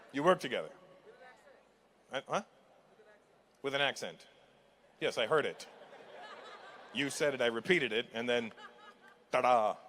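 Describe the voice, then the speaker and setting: Teasing stand-up comic, bright voice. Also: male voice, medium pitch. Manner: teasing, laughing at his own jokes. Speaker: stand-up comedian. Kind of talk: stand-up crowd work. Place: live comedy venue with audience. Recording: live show with crowd and hall noise.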